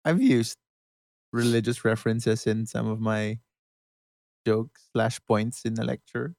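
A young male co-host chats casually and tosses in dry, wry comments. His voice has a gravelly, creaky edge. The sound is dry and close-miked. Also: medium pitch, fairly even intonation, measured pace, darkish tone, no echo. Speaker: podcast co-host. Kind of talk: casual chat.

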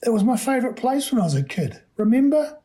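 A man's voice: extremely high pitch, sing-song, fast, warm tone, pitched above the performer's own voice. A man voicing a stubborn, earnest seventeen-year-old boy who dreams of adventure.

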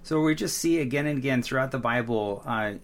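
A man's voice: mid-range voice, a little fast. A middle-aged man co-hosting a Bible study podcast, explaining earnestly in casual chat with frequent restarts. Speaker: podcast co-host, teacher.

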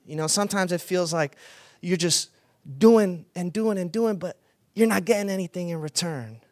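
High-voiced man preaching a sermon. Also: moderate pace, no room sound, clean studio sound. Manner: animated storytelling, rising to loud excited retelling. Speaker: pastor.

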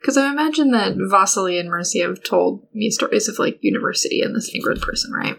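A woman's voice: mid-range voice, animated, fast, vocal fry, a bit bright, a little hiss or hum, rough recording. A woman player in a tabletop game with dry, blunt quips.

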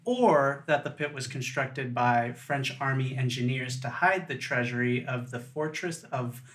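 Brief: male podcast host reading research, unhurried, bright tone, distant echoey mic. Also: medium pitch. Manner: reads facts haltingly, stumbles on names, laughs along. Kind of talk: casual chat, reading notes.

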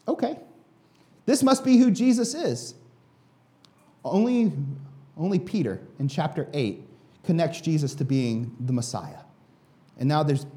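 A male pastor preaches in a relaxed, chatty manner, dropping in casual fillers as he walks through a passage. His voice sits high for a man and swings widely in pitch, with a mellow, soft tone. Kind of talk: sermon.

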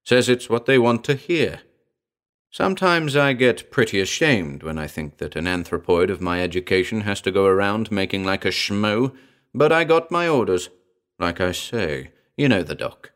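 A man voicing a gruff, educated talking male gorilla with a growling, slangy, wisecracking manner in an audiobook. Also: lowish voice, sing-song, moderate pace, a bit bright. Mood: wry. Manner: slangy, laid-back wisecracking. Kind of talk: audiobook character voice.

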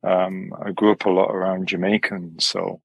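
A man from Wales, a yoga teacher and musician, talking as a podcast guest in a relaxed, rambling way. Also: low-pitched, normal speed, gravelly, slightly rough, no room sound, rough recording. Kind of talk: relaxed conversational interview.

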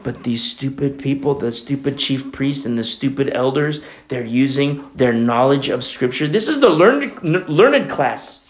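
A man's voice: mid-range voice, lively intonation, a little slow, hardly any pauses, echoey room. A man preaching a sermon as pastor, with emphatic, repetitive, conversational delivery. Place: church.

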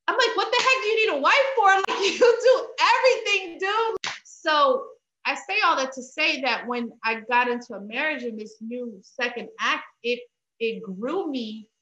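A woman's voice: fairly high pitch, reverberant, highs cut off. A woman in her thirties, an interview guest, telling her story openly about faith and family and acting out her own past words. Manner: animated storytelling, acts out her own past lines in a rising voice. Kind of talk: candid faith-based conversation.

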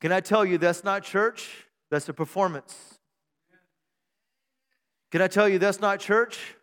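A man's voice: high voice, fairly even intonation, measured pace, a bit bright, smooth, long reverb tail. A man preaching a sermon to his church, using humor and call-and-response to keep the room engaged, and drawing out key phrases for emphasis. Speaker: pastor. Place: church sanctuary.

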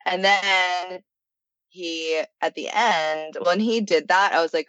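A woman's voice: on the low side, fairly even intonation, slow, a bit bright, dry recording. A woman chatting casually, rambling eagerly as she explains. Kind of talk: casual chat. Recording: dull, dry sound.

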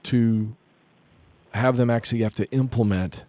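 A man's voice: mid-range voice, fairly even intonation, unhurried, a little mellow, no room sound. A man giving practical, coaching-style parenting advice in a casual chat, then passing the turn to others.

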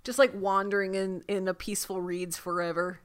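A woman co-hosting a podcast in casual chat, joking about a TV show with animated, exaggerated outrage. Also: medium pitch, a little fast, clean tone. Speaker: podcast co-host.

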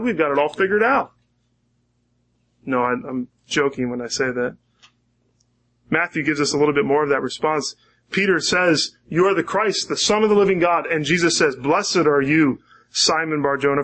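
A man preaching a sermon in a conversational way, often repeating words and correcting himself mid-sentence. He slows down and softens when quoting scripture. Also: on the high side. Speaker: pastor.

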